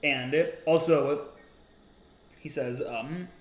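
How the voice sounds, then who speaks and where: A man co-hosting a casual book discussion, retelling the plot and acting out the characters' lines in quick asides. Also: a little high. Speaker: podcast co-host. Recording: roomy echo.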